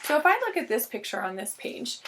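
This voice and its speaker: A woman's voice: on the high side, sing-song, sharp tone, a little hiss or hum. Patient woman teaching phonics. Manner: patient, clear, sounds out words slowly. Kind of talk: recorded reading lesson for young students.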